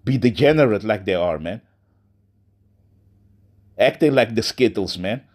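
A man giving an informal sermon, ending nearly every phrase with "man", restarting often and reading Bible verses slowly. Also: on the low side, animated.

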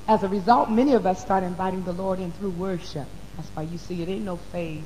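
A woman preaching a sermon to her congregation in church, dropping to a hush and then rising loud, calling her listeners baby and honey. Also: fairly low pitch, steady tone, brisk, few pauses, big-room sound, highs cut off. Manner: swoops from hushed to loud. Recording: faint hum on an old recording.

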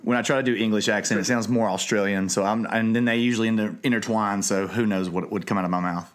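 A man's voice: on the low side, steady tone, quick pace. A man in his thirties with a Southern US accent, an easygoing game designer speaking as a guest over a call. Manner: easygoing, agreeable. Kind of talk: casual chat.

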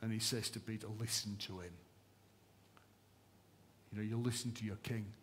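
A man preaching a sermon at a church service, impassioned and emphatic, swinging between raised fervent lines and hushed ones. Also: fairly low pitch, little pitch movement, fast talker, a little hiss or hum. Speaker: pastor.

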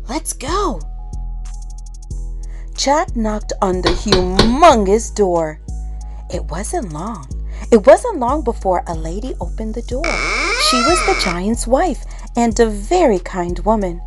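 A woman reading a children's bedtime story aloud in an expressive, dramatic way with pauses. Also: mid-range voice. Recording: soft music underneath.

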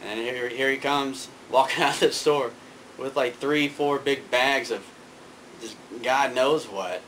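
A man's voice: mid-range voice, a little slow, fairly bright tone, a little hiss or hum, poor audio. A man telling a casual, rambling anecdote, full of fillers and restarts. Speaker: storyteller.

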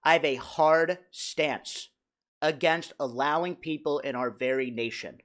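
A man putting on the voice of a stiff, self-serious male politician, delivering deadpan stump-speech lines. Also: a little high, measured pace, pitched below the performer's own voice. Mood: pompous.

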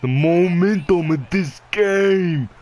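A young man commentating his own gameplay live, profane and excitable, yelling at the game. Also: high-pitched, takes it slowly.

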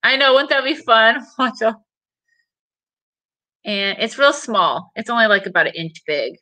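A woman's voice: fairly high pitch, expressive, measured pace, pushed and bright, low-quality recording. A middle-aged woman hosting a casual live sale of vintage items, chatty and rambling as she answers viewer comments and laughs often.

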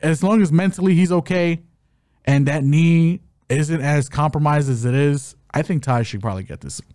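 A man's voice: fairly high pitch, normal speed, no echo, studio quality. A man co-hosting a fight betting podcast in casual chat, breaking down matchups with joking asides. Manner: animated, joking, hype-announcer asides.

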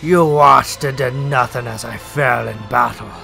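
A man's voice: mid-range voice, creaky, pushed and bright, faint music behind, full character voice. Man doing a menacing undead pirate lord. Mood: wrathful. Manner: slow, growled villain delivery. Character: undead male pirate master, menacing and lecherous. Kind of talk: let's play dialogue reading.

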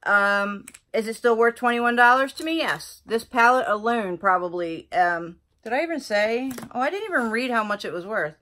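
A woman's voice: on the high side, normal speed, hardly any pauses. A woman beauty vlogger chatting casually through an unboxing, gushing and exclaiming over the products. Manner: gushing, excitable, lots of exclamations.

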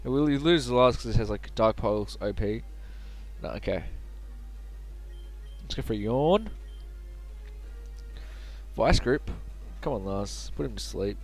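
A man's voice: on the low side, expressive, a little slow, pauses often, darkish tone. A chatty man narrating his own game playthrough, joking and muttering asides. Faint music plays underneath. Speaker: let's play host. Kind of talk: casual gaming commentary.

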